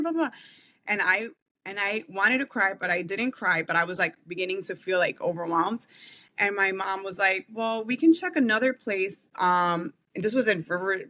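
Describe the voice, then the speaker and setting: A woman with a somewhat low voice shares an emotional personal testimony as a podcast guest. She talks earnestly and from the heart, dotting her sentences with "like.". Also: sharp tone. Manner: earnest, heartfelt, frequent "like" fillers.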